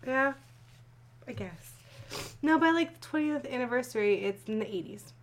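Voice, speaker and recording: A woman's voice: sits high, expressive, normal speed, a little hiss or hum. Profane, joking woman co-host. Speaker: podcast co-host. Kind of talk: casual chat, reading fan fiction aloud.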